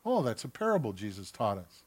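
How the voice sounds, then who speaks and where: A man preaching a sermon, swinging from loud mocking outbursts to quiet asides and acting out quoted voices. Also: fairly low pitch, wildly swooping pitch, brisk, breathy edge. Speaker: pastor.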